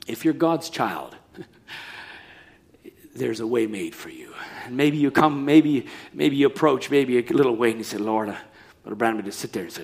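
A man preaching a sermon, telling a story with animated delivery that drops to a hush and then rises, often restarting his words. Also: medium pitch, normal speed, vocal fry. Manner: animated storytelling, shifting from hushed to loud; repeats and restarts words while recounting a story.

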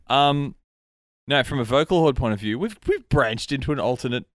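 A man hosting a casual podcast chat, rambling and animated, his voice sometimes trailing off into mutters. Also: mid-range voice, normal speed, no echo, clean studio sound. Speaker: podcast host. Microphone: studio mic.

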